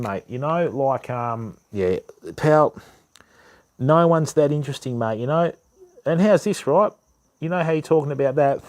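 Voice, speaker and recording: With a fairly high pitch and a darkish tone, this Australian fishing-channel host chats loosely with his live stream viewers. He fills his talk with ums and calls people mate and bud.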